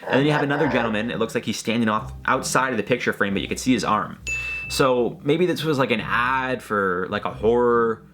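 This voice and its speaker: A man's voice: mid-range voice, brisk, noisy background. A man hosting a reaction video, talking in a rambling, hesitant, joking way. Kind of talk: casual commentary.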